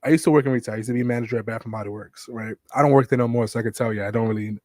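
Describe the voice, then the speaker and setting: A man guest in a casual late-night chat, making dark jokes and often adding "you know what I mean". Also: mid-range voice, fairly even intonation, rapid-fire, no echo, studio quality. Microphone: streaming podcast mic.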